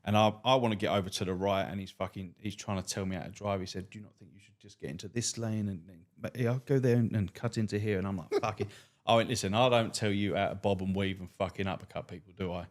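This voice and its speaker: A fairly low-pitched man talks fast on a podcast, a cab driver and stand-up comic spinning blunt, profane stories. His delivery is deadpan, and the anecdotes are laced with swearing.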